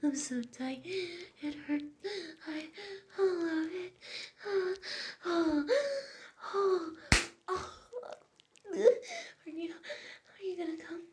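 A woman's voice: very high voice, expressive, extremely slow, pauses often, a little mellow, slight background noise. Breathless young woman in audio role-play.

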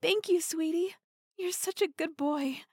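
In this intimate audio role-play, an actress plays a teasing, dominant young partner with a breathy, slightly high voice. Her slow teasing is full of giggles and soft half-whispers delivered near a dry mic, with no room sound at all.

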